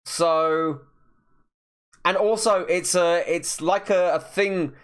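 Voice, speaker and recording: A male art streamer chats as he paints, talking slowly with deliberate pauses between thoughts. He rambles a bit, with plenty of restarts mid-sentence. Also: high-pitched, fairly even intonation, clean tone. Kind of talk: casual chat while painting on stream.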